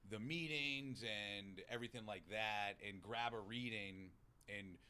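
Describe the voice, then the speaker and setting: A man's voice: on the low side, a little slow, clean tone. A man with a Boston accent telling recovery stories in casual chat, swearing freely and acting out what people said. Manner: animated, swearing, acts out quotes. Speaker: podcast guest in recovery.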